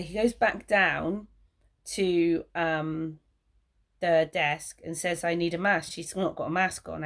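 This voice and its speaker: A woman telling a story in a rambling vlog, repeating words and acting out what others said in a higher voice. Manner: acts out quotes in a higher voice. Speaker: vlogger.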